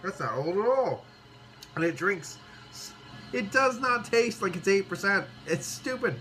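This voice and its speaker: A man tasting and reviewing beer in a casual vlog, excitable and rambling, swearing freely and a bit tipsy after several beers. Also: sits high, unhurried. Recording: music playing clearly behind the voice.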